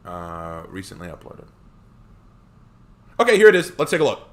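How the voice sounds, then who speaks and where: Animated male streamer chatting with viewers. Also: low voice, normal speed. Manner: animated, joking. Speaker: live streamer. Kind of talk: casual chat reading stream comments.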